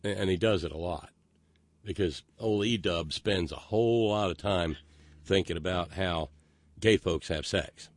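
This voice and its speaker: Male podcast host, deep-ish voice, sardonic and profane, rambling, dry close sound. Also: measured pace, dry recording. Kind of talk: casual political commentary.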